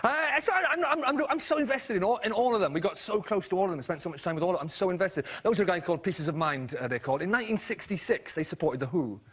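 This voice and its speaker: Fast-talking husky comedian. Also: male voice, high voice. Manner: excitable, fast, repeats himself. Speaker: guest comedian. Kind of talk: chat show anecdote.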